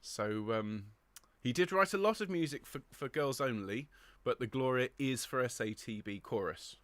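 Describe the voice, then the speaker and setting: A man's voice: medium pitch, expressive, moderate pace, fairly bright tone, no echo. A middle-aged man leading an online choir rehearsal from his home studio, chatting and greeting viewers by name. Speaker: choir director. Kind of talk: livestream rehearsal chat.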